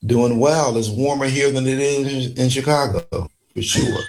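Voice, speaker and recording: A man's voice: mid-range voice, huge pitch swings, unhurried, darkish tone, a little hiss or hum. A man hosting a morning radio show, joking and easygoing in casual banter.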